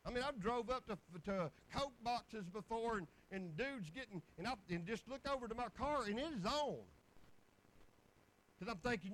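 A man's voice: high-pitched, lively intonation, normal speed, a bit bright, low-quality recording. A man, preaching in a folksy storytelling way with bursts of exclamation. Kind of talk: sermon testimony.

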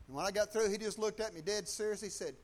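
A man with a Southern US accent tells a testimony story in a high, light voice. His talk is folksy and colloquial, and he briefly takes on other people's voices as he tells it. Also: quick pace.

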